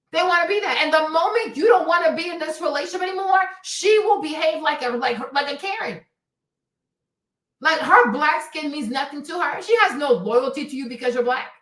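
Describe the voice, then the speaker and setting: A woman's voice: high-pitched, a bit bright, roomy sound, poor audio. A woman hosting a livestream, delivering a heated, profane commentary rant and repeating points for emphasis. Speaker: livestream host.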